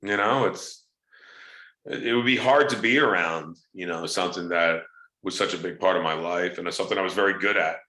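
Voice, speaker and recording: Low, punchy male wrestler-actor, lively storyteller, roomy echo. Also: a little fast. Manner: animated storyteller, acts out quoted voices. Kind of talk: casual interview chat.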